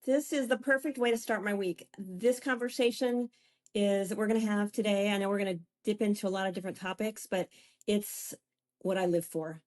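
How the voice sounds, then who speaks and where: A grandmother in her fifties tells her story as a talk-show guest, gushing and emotional. She stumbles and restarts her sentences, and her voice sits at an ordinary middle pitch. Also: steady tone, normal speed, darkish tone. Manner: effusive, restarts often, gets emotional. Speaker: guest, beauty and wellness coach. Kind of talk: candid personal storytelling.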